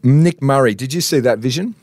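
A man's voice: mid-range voice, brisk, darkish tone, no echo. Teasing Australian man, dry close sound. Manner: jokey, teasing, rambling storyteller. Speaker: sports podcast co-host. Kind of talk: casual sports banter.

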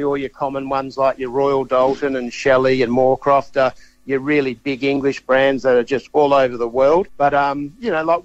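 A man's voice: mid-range voice, no echo, dull audio. A man explaining antiques on a radio show, easygoing with lots of "you know". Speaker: antiques expert guest. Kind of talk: casual expert chat.

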